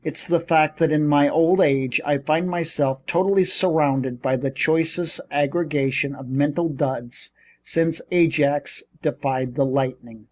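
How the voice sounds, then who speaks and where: A man's voice: on the high side, steady tone, a little slow, darkish tone. A man voicing a blustering, scolding old shipping magnate in an audiobook.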